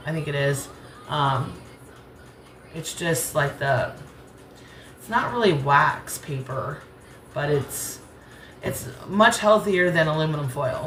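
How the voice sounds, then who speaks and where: Woman, rural Southern American accent, deep voice, casual rambling kitchen chat, roomy echo, faint background hum. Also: a bit bright. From United States. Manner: chatty, rambling, laughs easily. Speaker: cooking channel host. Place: home kitchen.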